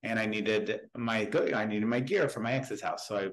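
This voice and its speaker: Halting low-voiced man in his thirties. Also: low-quality recording. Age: 30s. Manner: halting, frank, with many restarts. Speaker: podcast guest. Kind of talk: personal storytelling in an interview.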